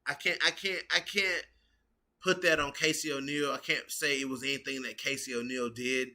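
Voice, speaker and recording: A man hosting a casual reaction stream, animated and foul-mouthed, peppering every line with "bro.". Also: mid-range voice, normal speed. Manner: animated, swearing, keeps saying bro.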